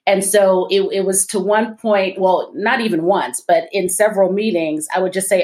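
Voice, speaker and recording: Reflective woman guest, medium pitch. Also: fairly even intonation, moderate pace, hardly any pauses, a little mellow. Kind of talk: reflective storytelling in an interview.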